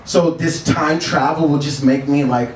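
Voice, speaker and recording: A man's voice: on the high side, steady tone, unhurried, slight background noise. A man doing a stand-up set, laid-back and chuckling between his jokes. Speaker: stand-up comedian. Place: bar stage. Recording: echoey bar heard from a distance. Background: bar ambience.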